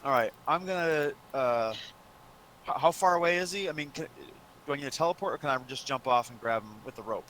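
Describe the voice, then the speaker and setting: A man playing a tabletop game, talking in a halting way with many fillers. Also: medium pitch, animated, fairly bright tone. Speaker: player.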